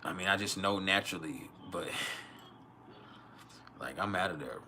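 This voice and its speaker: Sleepy guy rambling on a livestream, lowish voice, cussing, faint hiss behind. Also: unhurried, pushed and bright. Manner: sleepy, rambling, swears a lot, laughs often. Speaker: astrology livestream host. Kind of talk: casual livestream chat.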